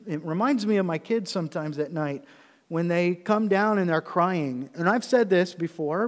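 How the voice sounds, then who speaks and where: A middle-aged man delivers a sermon in a high voice, slowing down to read scripture aloud and then pressing hard on his main points. His voice rings out with a long reverb, as in a large hall. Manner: preaching with rising intensity, reading scripture slowly. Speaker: pastor.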